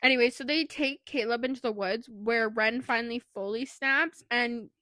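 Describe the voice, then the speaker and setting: A woman co-hosting a book podcast, chatting casually and animatedly as she retells a story, with plenty of swearing. Her voice sits a little high, and the recording is dry and close, with no room sound. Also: normal speed, pushed and bright, dry recording. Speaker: podcast co-host. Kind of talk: casual book review chat.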